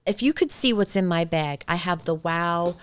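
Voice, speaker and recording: Smooth-voiced, confessional woman co-host. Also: on the low side, moderate pace. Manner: emotional, confessional. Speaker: podcast co-host. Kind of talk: casual chat.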